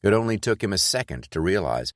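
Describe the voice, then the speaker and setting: A man narrating an audiobook in a measured, even reading. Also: low-pitched, no echo, clean studio sound. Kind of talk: scripted narration.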